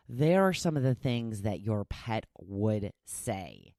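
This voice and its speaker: A woman's voice: rumbling low, measured pace, few pauses, mellow, no echo, studio quality. A woman hosting a solo podcast, chatting casually and animatedly, often laughing as she talks. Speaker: podcast host.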